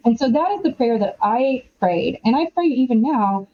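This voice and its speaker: A middle-aged woman, an author and podcast guest, talking in an animated, chatty way with many quoted asides. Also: a little high, moderate pace, lo-fi sound. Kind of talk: casual conversational interview.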